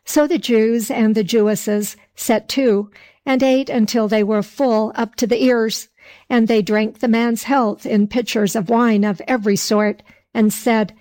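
A woman narrating a folk tale in a slow storybook reading with old-fashioned phrasing. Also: a little high, fairly even intonation, darkish tone.

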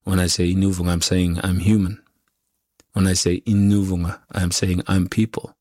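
A male musician, a guest whose first language is Inuktitut, answering interview questions haltingly with many pauses and fillers. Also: low voice, level tone, darkish tone, no echo, clean studio sound.

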